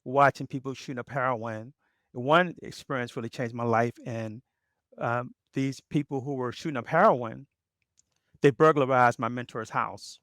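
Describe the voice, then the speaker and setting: A man's voice: medium pitch, moderate pace, no echo, clean studio sound. A middle-aged man from Baltimore, a former police officer, telling his story in an interview and acting out the voices of the people in it. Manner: animated storyteller who acts out quoted voices.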